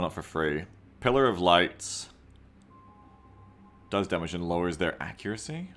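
A man's voice: sits low, fairly bright tone. A man streaming a game live, chatting casually and reading viewer comments aloud. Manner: chatty, reads viewer comments aloud, often second-guesses himself mid-sentence.

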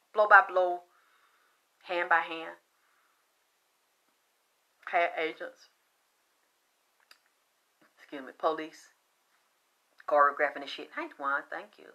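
A woman hosting a video, telling a rambling conspiracy story in an animated, conspiratorial way that swings between loud and soft. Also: fairly low pitch. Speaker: video host.

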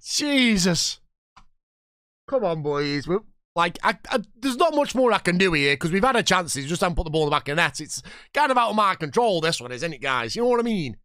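A chatty man in his thirties streams a football management game and jumps between joking with his viewers and yelling at the match. His voice sits on the higher side and rises and falls freely. The sound is dry, with no room around it. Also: expressive, a little fast, no room sound. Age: 30s. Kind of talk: live gameplay commentary and chat.

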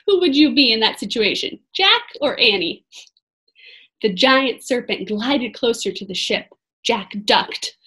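A woman reading a children's chapter book aloud expressively, pausing to talk to her listeners. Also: a little high, husky. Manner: expressive, pauses to comment to listeners. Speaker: storybook reader.

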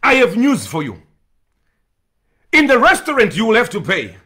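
A man's voice: high voice, wildly swooping pitch, normal speed, pushed and bright, slightly rough. A man preaching an emphatic sermon, repeating phrases and breaking into bursts of tongues.

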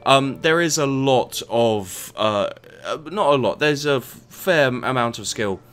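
A man's voice: mid-range voice, expressive, unhurried, a bit bright, clear, resonant tone, soft background music. A man giving casual commentary while playing and reviewing a game, rambling and often tripping over and repeating his words. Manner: rambling, stumbles and repeats words, mutters asides.

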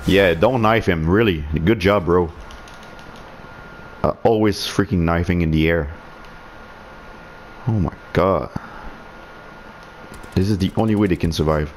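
Low, slow-talking gamer man. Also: a little hiss or hum. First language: French. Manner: sarcastic, swearing, frustrated muttering. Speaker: gaming streamer. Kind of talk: live gameplay commentary.

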